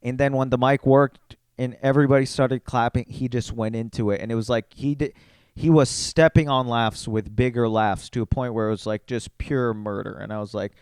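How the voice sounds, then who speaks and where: Smooth-voiced man telling a story. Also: mid-range voice, a little fast, dry recording. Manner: animated storyteller, heavy use of "like". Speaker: comedian. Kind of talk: casual podcast chat.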